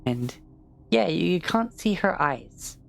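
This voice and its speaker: A woman's voice: fairly low pitch, animated, takes it slowly, creaky. A woman narrating a tabletop game as game master, hesitant and full of fillers. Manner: hesitant, full of fillers, swears when frustrated.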